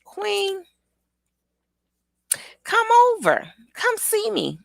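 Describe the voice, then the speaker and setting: Woman putting on a high, pleading little girl, insistent, keeps repeating herself. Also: wildly swooping pitch, very slow, gravelly, fairly bright tone, dry recording, studio quality, full character voice.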